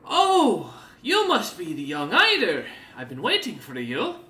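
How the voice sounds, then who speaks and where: A man's voice: high-pitched, huge pitch swings, unhurried, sharp tone, reverberant, voice pushed up, heavily acted. A man putting on a smug cat-eared demon merchant. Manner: smug, condescending, mock-friendly.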